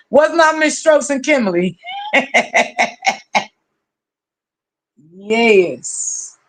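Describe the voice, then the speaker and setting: A chatty livestream host who talks casually to the audience and greets viewers by name with long, drawn-out hellos. The speech is familiar and loose, full of terms like honey and baby. The voice sits at an ordinary middle pitch. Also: lively intonation. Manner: warmly familiar, calls people honey and baby.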